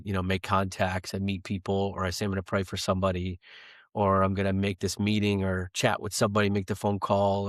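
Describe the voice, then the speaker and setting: A man in his thirties with a fairly low voice speaks earnestly and with conviction, in an easy conversational way. The sound is close and dry, with no room around it. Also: no echo. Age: 30s. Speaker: podcast guest. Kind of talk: casual conversation.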